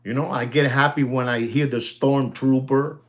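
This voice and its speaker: A man selling watches in a casual, rambling talk, often calling out to ladies and gentlemen and laughing as he goes. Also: mid-range voice, steady tone, moderate pace. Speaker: watch dealer. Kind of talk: casual chat.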